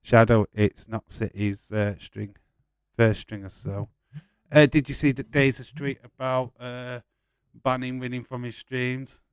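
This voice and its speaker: A man's voice: medium pitch, fairly even intonation, a little slow, clear, resonant tone, no room sound. A man hosting a live watch-along stream, chatting casually, swearing freely and laughing while he reads viewer comments.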